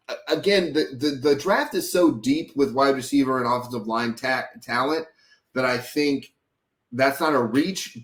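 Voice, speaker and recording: A man from Texas hosting a sports podcast in a loose, rambling way. He swears freely and goes off on tangents. His voice sits at an ordinary pitch for a man. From Dallas, Texas. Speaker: podcast host. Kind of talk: casual sports chat.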